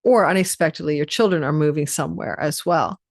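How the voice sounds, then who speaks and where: A woman's voice: sits low, fairly quick, vocal fry, no echo, studio quality. A tired woman astrologer giving a rambling, chatty forecast and running through lists of possibilities. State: tired, yawning.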